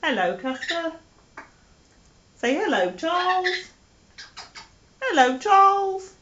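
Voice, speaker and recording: A woman talks to her pets in a high, sing-song voice that leaps up and down, cooing baby talk and teasing them fondly. The sound is a dull, faintly hissy home camcorder recording. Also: big pitch swings, slow pace, a bit bright. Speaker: pet owner filming her parrots. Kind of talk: home video, chatting to pets.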